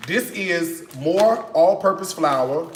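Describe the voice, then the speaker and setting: Speaking slowly with a fairly high pitch and lively intonation, this man hosts a cooking channel and jokes his way through a casual grocery haul, frequently checking in with "okay?". The room is echoey, and faint noise sits underneath.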